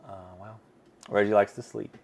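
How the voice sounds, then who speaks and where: A man's voice: normal speed, vocal fry, background noise. A man hosting a casual theme park chat show, playful and joking. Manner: playful, joking, lively pitch. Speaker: host.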